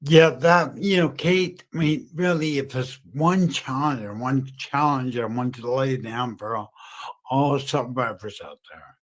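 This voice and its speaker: A man's voice: medium pitch, a little slow. A man hosting an interview, asking rambling, enthusiastic questions. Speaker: host. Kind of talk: interview conversation.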